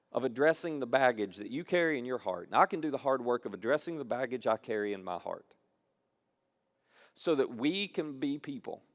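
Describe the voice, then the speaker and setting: Male pastor, mid-pitched voice, conversational sermon delivery, repeats key phrases for emphasis. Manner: conversational preaching with repeated phrases and acted-out quotes.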